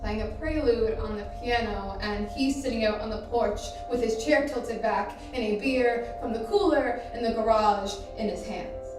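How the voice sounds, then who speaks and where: A woman performing a theatrical monologue, telling a story slowly and reflectively with long pauses, recorded from a distance on a stage with music behind. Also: fairly high pitch, close to an everyday voice. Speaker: stage actor. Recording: echoey room from far off, music behind.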